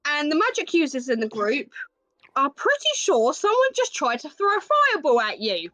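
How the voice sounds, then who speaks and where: A woman's voice: sits high, very animated, normal speed, a bit bright, no room sound, poor audio. A woman narrating as game master of a tabletop game, in a descriptive storytelling manner over a call mic.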